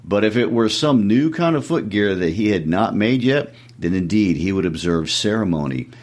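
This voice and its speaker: A man with a deep voice co-hosts a literature podcast. He chats in a relaxed, casual way and reads passages of a story aloud. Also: normal speed. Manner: relaxed and conversational. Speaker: podcast co-host. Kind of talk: casual discussion and reading narration aloud.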